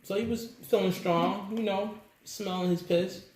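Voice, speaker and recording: Animated male storyteller, echoey room. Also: sits high, measured pace. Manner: animated, laughs often, acts out quotes. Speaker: musician guest. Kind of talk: casual interview storytelling. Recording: echoey room with faint background noise.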